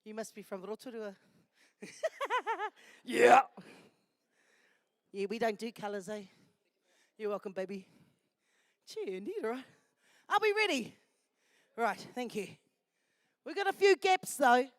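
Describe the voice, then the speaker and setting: Nz lady emcee, high voice, unhurried, dry close sound, calls everyone darling. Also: lively intonation, dry recording. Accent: New Zealand. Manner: chatty and affectionate, calls people darling. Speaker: festival MC. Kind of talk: live event MC, handing out and announcing. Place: festival venue.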